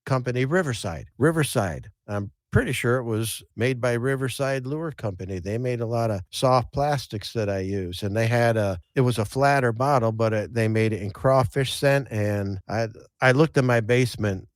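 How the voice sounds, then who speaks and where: Chatting casually on his podcast, this angler spins folksy fishing tales and often restarts sentences or repeats words. He has a medium-pitched voice and a moderate pace, captured with studio quality and no echo.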